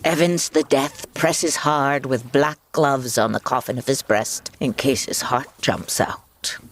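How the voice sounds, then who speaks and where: A performer reading narration in a radio drama with a lively, expressive delivery. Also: medium pitch, takes it slowly. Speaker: narrator and voice actor.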